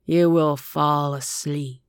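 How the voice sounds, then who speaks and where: A woman voicing a gaunt, sinister male stage hypnotist who speaks in a slow, sonorous, commanding voice with cool contempt. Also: low voice, fairly even intonation, clear, resonant tone, dry recording, clean studio sound. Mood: hypnotic. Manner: measured and commanding, mocking.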